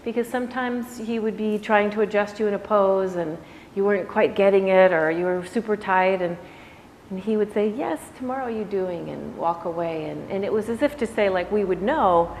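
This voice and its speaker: A woman's voice: medium pitch, moderate pace. A woman yoga teacher giving a casual, reflective talk to her class, conversational and full of "you know"s. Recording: echoey room with faint background noise.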